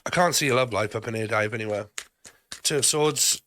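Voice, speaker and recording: A man's voice: mid-range voice, fairly quick, sharp tone, a little hiss or hum. A man giving a rambling tarot card reading, swearing often and laughing between phrases. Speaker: tarot reader.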